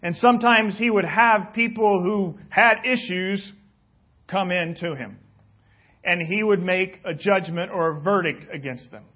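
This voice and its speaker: A male pastor giving a sermon, telling stories dramatically and slowly. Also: sits high. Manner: dramatic storytelling, slow and deliberate. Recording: dull lo-fi recording.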